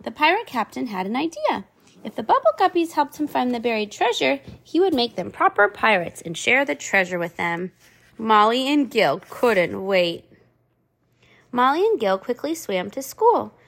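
A woman's voice: on the high side, moderate pace, creaky. A mother reading a children's picture book aloud to her young child, stopping to chat with the child about the pages. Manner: animated, chatting with her child between pages.

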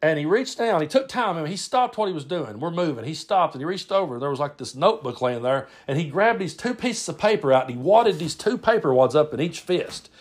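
A man's voice: fairly high pitch, lively intonation, fairly quick, hardly any pauses, breathy edge. A man, telling stories on his podcast in a rambling, self-interrupting way. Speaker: podcast host. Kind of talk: casual storytelling.

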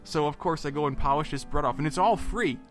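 Man, podcast co-host, animated storyteller who acts out the dialogue, with faint music underneath. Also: fairly high pitch, quick pace. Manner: animated storyteller, acts out quotes, many fillers and restarts.

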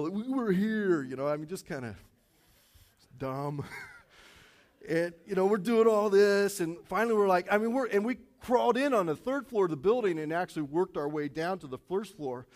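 Preaching in a church auditorium, a pastor with a slightly high voice for a man drifts into an animated story peppered with "you know" and "I mean." He then shifts from the tale into straightforward sermon teaching.

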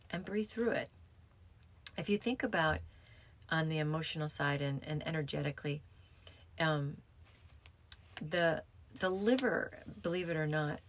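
A woman yoga teacher talking in a casual, rambling way, with frequent restarts and fillers. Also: low-pitched. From United States. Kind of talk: casual reflective talk.

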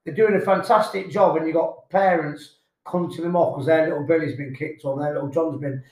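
A man's voice: on the high side, fairly even intonation, a little fast, darkish tone. A man, a guest on a casual podcast, talking earnestly and indignantly and repeating himself. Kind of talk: casual chat. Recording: echoey room.

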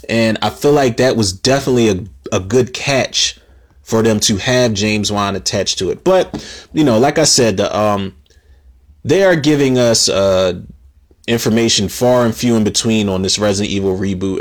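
A man hosting a solo podcast, rambling casually, stammering over his words and swearing freely. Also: fairly low pitch. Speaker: podcast host.

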